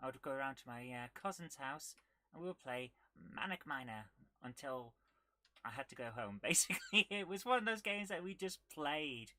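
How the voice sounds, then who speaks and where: A woman hosting a casual retro gaming live stream, chatting with viewers and reacting excitedly while she plays. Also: a bass voice, moderate pace, slight background noise. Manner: chatty, reads viewer comments aloud, bursts of excitement while playing.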